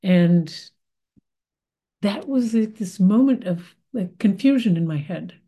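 A woman's voice: medium pitch, animated, takes it slowly, mellow, husky. An American woman, middle-aged, giving a reflective spiritual talk in a thoughtful, meandering way with many fillers and restarts. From United States.

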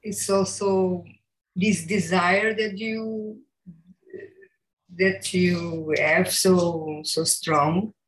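A woman sharing a reflection with a group, soft and halting. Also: fairly low pitch, fairly even intonation, low-quality recording. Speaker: group participant.

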